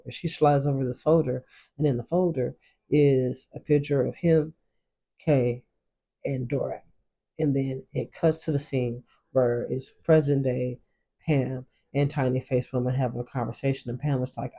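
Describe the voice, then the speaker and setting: A man's voice: medium pitch, steady tone, moderate pace, vocal fry, dark tone. A man casually recapping drama episodes in loose, slangy storytelling, acting out the characters' lines as he goes. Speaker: show reaction host.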